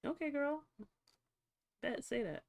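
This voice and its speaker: A woman streamer chatting casually to her viewers, swearing freely and reacting out loud while she fiddles with settings. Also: high voice, lively intonation, slow, gravelly. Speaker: livestreamer. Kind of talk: casual livestream chat.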